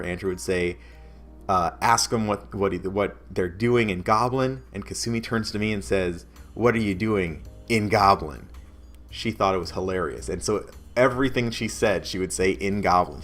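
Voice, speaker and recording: Rambling low-voiced man recapping a game. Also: a bit bright. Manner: rambling, many restarts, chuckles now and then. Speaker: game master. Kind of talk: casual recap of a tabletop game session.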